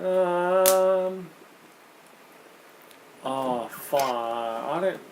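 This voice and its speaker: A man's voice: on the high side, animated, drawn-out words, slight background noise, low-quality recording. A man co-hosting a podcast, answering quiz questions in jokey, crude banter with some swearing. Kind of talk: casual banter.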